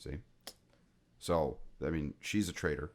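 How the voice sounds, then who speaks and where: A man's voice: extremely low pitch, unhurried. A man co-hosting a gaming podcast in casual chat, rambling and joking, often breaking off mid-sentence. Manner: rambling, self-interrupting, joking. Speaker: podcast co-host.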